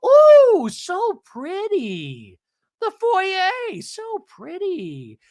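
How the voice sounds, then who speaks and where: A man voicing a gushing, dramatic woman reality star who speaks in breathless, drawn-out exclamations. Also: very high voice, very animated, sharp tone, no echo, clean studio sound, voice pushed up, heavily acted.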